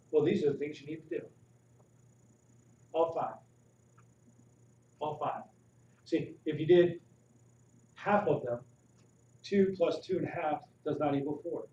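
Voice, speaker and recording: A man giving a live health talk to an audience, asking them questions with animated emphasis. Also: on the high side. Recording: roomy, distant, dull audio with faint noise.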